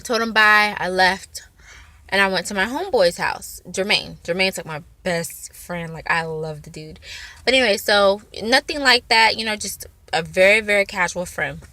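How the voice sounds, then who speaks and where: Bright-voiced woman telling a story. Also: medium pitch, normal speed, no echo. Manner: rambling, filler-heavy, animated retelling. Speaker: vlogger. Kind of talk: casual storytelling.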